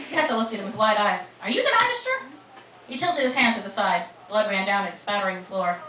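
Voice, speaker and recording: A woman's voice: mid-range voice, fast, noisy background. A woman reading her own novel aloud at a live bookstore event, narrating expressively and with animation. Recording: roomy, distant live reading.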